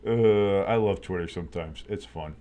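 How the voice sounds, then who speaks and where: In a low voice at a moderate pace, a man streams a live game with easygoing, joke-filled commentary. His energy rises on the big plays, and he talks back and forth with his chat.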